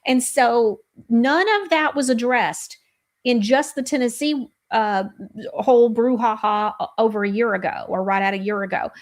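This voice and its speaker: A woman hosting a casual political talk show, emphatic and rambling, quoting others in quick animated asides. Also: fairly high pitch.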